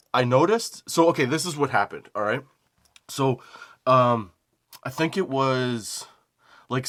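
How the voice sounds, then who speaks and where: A young man hosting a comedy podcast, telling a rambling, profane personal story and often laughing at himself. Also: medium pitch. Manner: animated quoting of phone calls. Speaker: podcast host.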